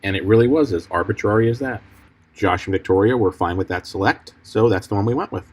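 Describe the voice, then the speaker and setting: A film editor walks through his cuts in a measured, explanatory tone. His voice is very deep and husky. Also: darkish tone, poor audio. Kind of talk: commentary over film clips.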